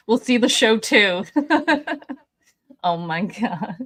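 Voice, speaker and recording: A woman hosts a relaxed livestream from home, chatting to her viewers in an easygoing way. She speaks slowly and keeps breaking into giggles. Her pitch sits in a middle range. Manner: giggly, chatty, often laughing. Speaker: livestream host. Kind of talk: casual livestream chat.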